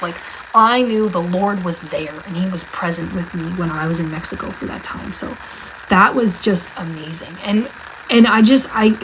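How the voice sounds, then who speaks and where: A woman's voice: mid-range voice, slight background noise, low-quality recording. A young woman from New Jersey telling a faith testimony in a chatty way, full of "like" and acted-out dialogue. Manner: chatty, lots of "like", acts out dialogue. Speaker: vlogger sharing a faith testimony. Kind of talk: casual storytelling testimony.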